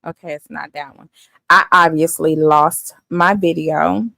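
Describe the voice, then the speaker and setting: Woman streamer, casual reaction chat, gravelly, dry close sound. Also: low voice, steady tone, a little slow, pushed and bright, dry recording, faint music behind. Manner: chatty, laughs often, thinks aloud. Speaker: live stream host.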